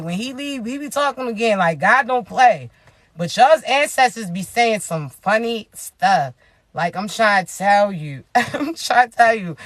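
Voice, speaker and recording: Recorded at studio quality with no room sound, this woman's voice sits on the high side. She's a spiritual advisor delivering a lively, slang-filled pep talk, laughing often and slipping into preaching at times.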